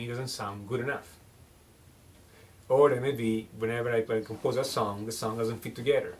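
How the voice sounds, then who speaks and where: A man's voice: medium pitch, far from the mic, a little hiss or hum. A man teaching songwriting in a casual one-on-one lesson, joking and often restarting his phrases.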